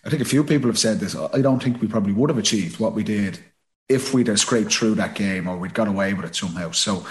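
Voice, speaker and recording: A man co-hosting a football podcast, talking in relaxed chat with joking asides. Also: fairly low pitch, quick pace. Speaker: podcast co-host, former player. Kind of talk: casual chat.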